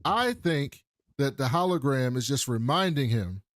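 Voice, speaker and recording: A man co-hosting a podcast, recapping a TV episode in casual, animated, profane chat. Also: medium pitch, unhurried, no echo, studio quality. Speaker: podcast co-host.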